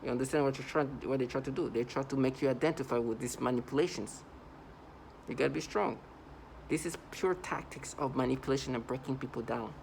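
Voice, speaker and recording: A man's voice: mid-range voice, brisk, gravelly, darkish tone, slight background noise, low-quality recording. A man delivering a casual vlog monologue, emphatic and repetitive, often restarting his sentences. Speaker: vlogger.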